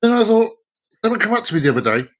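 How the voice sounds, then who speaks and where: A man rambling through a live-streamed comedy show, self-mocking and looping back over his own words. His voice sits a bit high and jumps around animatedly from line to line. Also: very animated, very fast. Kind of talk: live-streamed joke telling.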